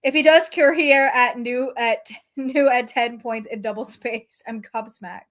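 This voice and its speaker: High-voiced sarcastic woman streamer. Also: a little slow, a bit bright. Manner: profane, sarcastic, reacts to chat. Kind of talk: casual commentary.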